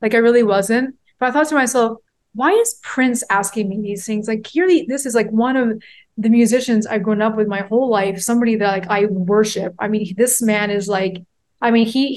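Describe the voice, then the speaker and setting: Her voice on the high side and her speed normal, a woman in her forties talks as a podcast guest. She recounts a personal story in a rambling, heartfelt way, full of fillers, in candid interview style.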